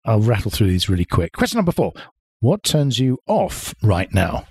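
A man hosting an interview podcast, quizzing his guest playfully with quick questions and small laughs. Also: lowish voice, big pitch swings, darkish tone, breathy edge, dry recording, clean studio sound. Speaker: podcast host.

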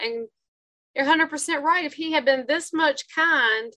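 High-voiced woman in casual chat. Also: lively intonation, moderate pace, pushed and bright. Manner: reacting and commenting.

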